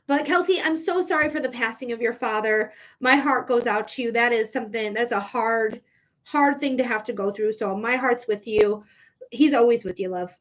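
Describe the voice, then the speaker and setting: A woman giving a live-streamed psychic reading, talking in a chatty, emotional way with lots of "like" and quick laughs. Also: fairly high pitch. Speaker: psychic reader.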